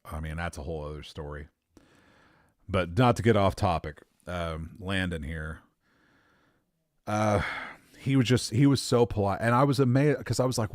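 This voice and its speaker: A man's voice: deep voice, no room sound, clean studio sound. A man telling a long personal story in a casual, rambling way, correcting himself as he goes, swearing now and then and laughing at his own luck. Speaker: podcast host.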